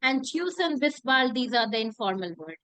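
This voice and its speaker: A woman teaching a language class, repeating phrases slowly and asking the class rhetorical questions. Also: a little high, sing-song, pushed and bright, clean tone, no room sound, poor audio. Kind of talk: classroom lesson.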